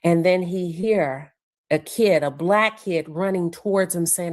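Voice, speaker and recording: Woman livestream host with a deep, low voice; casual and chatty, stops to look at her notes. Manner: conversational, pauses to check her notes. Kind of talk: casual livestream commentary recounting court testimony.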